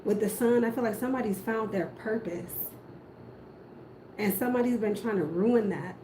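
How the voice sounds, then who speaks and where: A tarot reader with a warm, medium-pitched voice talks at a normal speed as she does a relaxed reading. She's blunt, muses aloud, and swears in a casual way, recorded in an echoey room with background noise.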